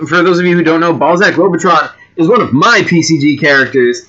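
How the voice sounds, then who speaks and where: A man's voice: a little high, brisk, hardly any pauses, pushed and bright, highs cut off. A man casually reading generated stories aloud, often breaking off with fillers and chatty asides. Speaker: reader and creator of homemade games.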